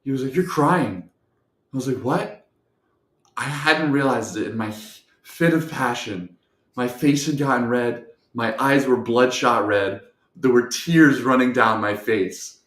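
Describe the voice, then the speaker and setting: A young man telling a personal story on a talk show. He acts out the other voices and swings from soft to shouting. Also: medium pitch, unhurried. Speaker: guest storyteller. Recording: echoey room.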